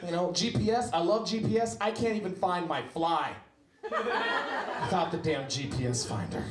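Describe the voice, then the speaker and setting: A man's voice: high voice, big pitch swings, moderate pace. A man performing a brash, profane stand-up comedy set in a small comedy club. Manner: brash, profane, mimics other people's voices. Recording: echoey club with loud noise. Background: audience laughter.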